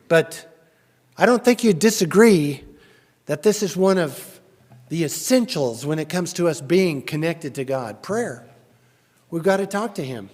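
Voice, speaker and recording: A man preaching a sermon in a church, chatty and questioning, rising loudly when he reads scripture. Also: fairly high pitch, expressive, a little slow. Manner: conversational, asks the congregation questions. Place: church sanctuary. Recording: long church reverb.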